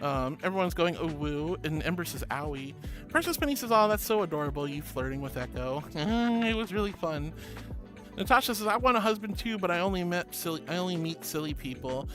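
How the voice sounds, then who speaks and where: A woman's voice: lowish voice, lively intonation, brisk. A woman streamer chatting casually and reading viewer comments aloud, bubbly, giggly and affectionate. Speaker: streamer host. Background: background music.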